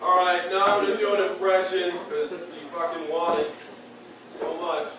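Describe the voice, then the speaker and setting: A man's voice: high-pitched, level tone, moderate pace. A man doing a stand-up comedy set of crude one-liners in a beer hall, jabbing at the crowd. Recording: echoey room from far off, bar noise.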